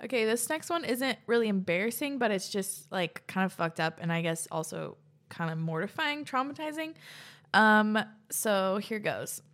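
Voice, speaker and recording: A woman's voice: mid-range voice, lively intonation, moderate pace, a bit bright. A young woman host reading listeners' stories aloud and reacting between them, chatty and laughing often, swearing casually.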